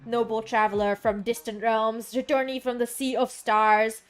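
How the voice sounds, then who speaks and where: A woman's voice: on the high side, level tone, soft background music, close to an everyday voice. Woman doing a solemn cosmic watcher. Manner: grand, slow, formal. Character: solemn ancient cosmic watcher, lofty and formal. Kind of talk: reading game dialogue aloud.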